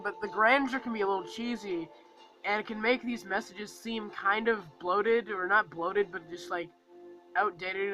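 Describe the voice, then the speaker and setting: A man's voice: high-pitched, pushed and bright, rough recording. A man giving a casual, rambling movie review, full of fillers and acting out lines from the film.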